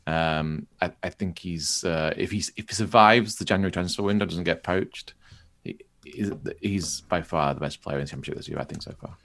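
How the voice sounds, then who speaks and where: Podcast co-host, man with a very deep voice, hesitant and filler-heavy. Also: normal speed, creaky, fairly bright tone. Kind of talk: casual football podcast chat.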